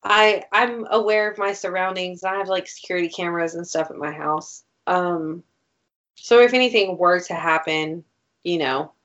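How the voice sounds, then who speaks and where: A woman's voice: fairly low pitch, normal speed, a bit bright. A young woman in casual chat, telling a story in a rambling way, full of "like" and swearing. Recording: dull lo-fi recording.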